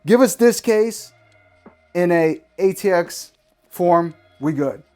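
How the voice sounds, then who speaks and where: Casting: New male tech reviewer, slangy, ranting, slightly high voice, faint music under him. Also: slow. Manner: slangy, emphatic, animated ranting. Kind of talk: casual hands-on product review.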